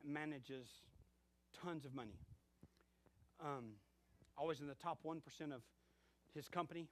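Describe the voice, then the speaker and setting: Middle-aged guy preaching, kinda high voice, acts out little dialogues. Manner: animated storytelling with acted-out dialogue. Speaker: pastor. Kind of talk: sermon.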